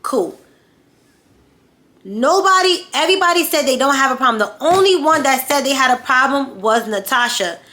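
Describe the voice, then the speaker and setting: Bright-voiced woman telling a heated story. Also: high voice, animated, moderate pace. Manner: blunt, profane, heated storytelling. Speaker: vlogger. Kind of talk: story time vlog.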